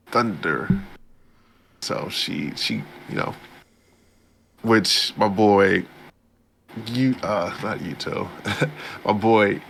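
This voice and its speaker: A man co-hosting a podcast, casually retelling an anime episode and jumping into high-pitched voices for the characters. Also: fairly bright tone, slight background noise. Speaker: podcast co-host. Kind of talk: casual anime recap chat.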